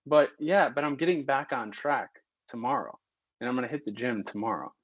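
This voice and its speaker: Candid, animated man on a dry, dull recording. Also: medium pitch, a little fast, breathy edge, no echo. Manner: candid and animated, works himself into heated rants. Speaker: physician guest. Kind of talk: casual podcast conversation.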